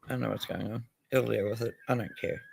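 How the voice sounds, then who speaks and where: A man's voice: mid-range voice, steady tone, fast talker, vocal fry, a little mellow, husky. An Australian man hosting a casual livestream, talking crudely, swearing and laughing often. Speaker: livestream host.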